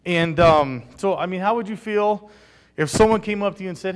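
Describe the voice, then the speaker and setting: A man leads a Bible study, reading scripture aloud and then unpacking it. His voice sits a bit on the high side. He speaks casually and often asks his listeners questions. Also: a little fast. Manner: fillers and restarts in teaching. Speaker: Bible teacher.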